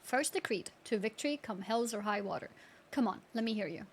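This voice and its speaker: A woman reading out the lines of a gruff male marine drill sergeant who barks insulting orders. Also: mid-range voice, lively intonation, a little fast, slight background noise, close to an everyday voice.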